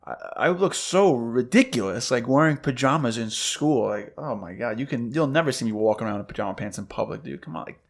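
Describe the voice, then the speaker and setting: Animated man telling stories on a podcast. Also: medium pitch, brisk, vocal fry, few pauses. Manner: animated storytelling, acts out quotes. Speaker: podcast co-host. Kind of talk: casual chat.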